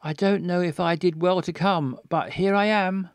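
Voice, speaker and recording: A man's voice: high-pitched, fairly even intonation, moderate pace, smooth, dry recording, studio quality. A man reading the lines of a worried young woman, asking anxious questions.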